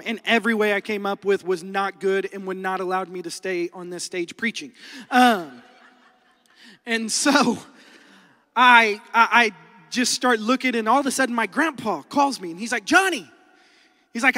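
A man in his thirties with an Oklahoman accent, preaching a sermon as a lively storyteller who acts out quotes and laughs often. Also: high voice. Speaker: pastor. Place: large church hall. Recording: long hall reverb.

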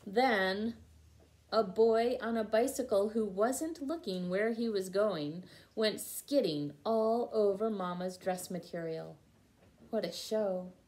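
A woman with a medium-pitched, slightly mellow voice reads a picture book aloud to children at a slow pace. She patiently pauses to explain what words mean to her young listeners.

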